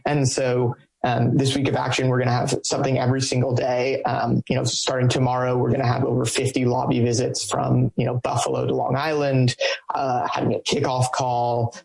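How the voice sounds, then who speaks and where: A man speaking as a coalition organizer in an interview. His voice is gravelly and a little husky, and he stays in a flat, even tone. He talks in halting bursts, full of ums and restarts. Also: mid-range voice, rough recording. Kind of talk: interview answers.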